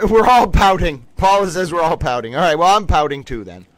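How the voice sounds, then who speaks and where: A man's voice: a little high, expressive, moderate pace, a bit bright, a little hiss or hum, rough recording. A man hosting a casual livestream trivia game, reading out questions and making playfully indignant, rambling asides.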